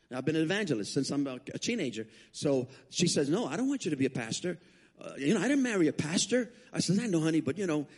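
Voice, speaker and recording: Male guest preacher, sermon testimony, fairly high voice, animated storytelling, restarts. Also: husky.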